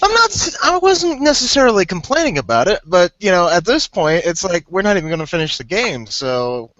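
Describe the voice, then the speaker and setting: A man's voice: high-pitched, big pitch swings, a little fast, a bit bright, dry recording, highs cut off. A man co-hosting a casual podcast over an online card game, joking, laughing often and rambling with restarts. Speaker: podcast co-host.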